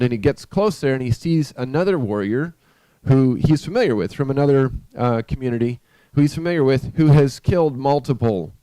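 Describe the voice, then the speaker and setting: A man hosting a live stream, telling a story with a spiritual message in an unhurried, conversational way and asking his listeners questions. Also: medium pitch, warm tone, no room sound, low-quality recording.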